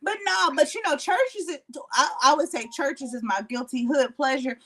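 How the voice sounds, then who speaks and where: A woman's voice: high voice, moderate pace, fairly bright tone. A woman guesting on a podcast, talking bluntly and playfully with plenty of swearing. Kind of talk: casual podcast chat.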